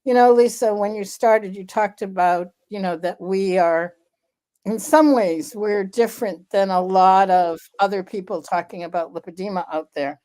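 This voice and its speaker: A woman co-hosting a candid podcast conversation, explaining in a measured, deliberate way with frequent fillers. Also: mid-range voice, dark tone. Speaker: podcast co-host, researcher.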